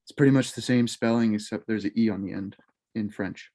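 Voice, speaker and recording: A man's voice: on the low side, fairly even intonation, a little fast, dark tone. A man teaching a casual French club lesson, repeating each French word before giving it in English, with loose delivery and frequent self-corrections.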